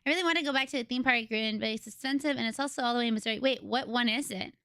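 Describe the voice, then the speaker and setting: A young adult woman livestreamer chatting casually with her audience, excitable and giggly as she tells stories. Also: on the high side, very fast, clear, resonant tone, no room sound, studio quality. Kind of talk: casual chat with a live audience. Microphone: desk microphone.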